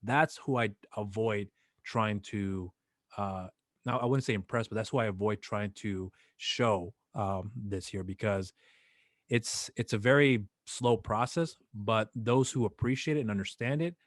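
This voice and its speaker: A man hosting a podcast in casual chat, talking haltingly with many fillers and restarts. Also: on the low side, no echo, clean studio sound. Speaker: podcast host.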